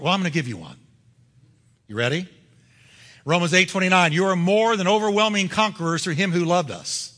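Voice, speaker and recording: Man, pastor, sermon, emphatic preaching, bright voice, long hall echo. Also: sits high, animated, fairly quick, pauses often. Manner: emphatic preaching, building to forceful climaxes.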